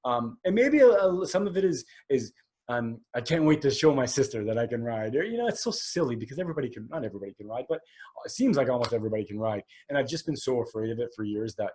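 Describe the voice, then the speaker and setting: A man's voice: medium pitch, very animated, fast talker, darkish tone. A man in his forties hosting a solo podcast, talking candidly and rambling, with many fillers and restarts. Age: 40s. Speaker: podcast host.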